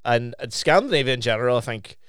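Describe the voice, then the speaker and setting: A young man in a loose, laughing, foul-mouthed chat. His voice is smooth and clean-toned, and it sounds close and dry with no room around it. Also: mid-range voice, quick pace, dry recording. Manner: swearing, lively anecdote-telling, laughs mid-story. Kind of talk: casual chat.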